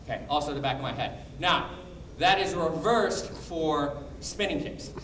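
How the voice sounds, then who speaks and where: A man leads a martial arts training class in a brisk coaching manner, explaining technique and calling out drills. His voice sits a little high for a man. He is picked up from a distance in a reverberant hall with clear background noise.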